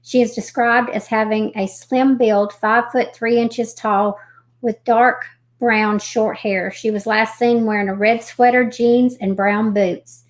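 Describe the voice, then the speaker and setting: A woman hosting a live stream, reading missing persons reports aloud haltingly, with folksy chatty asides. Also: on the high side, steady tone. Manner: reads haltingly, stumbling over names and restarting.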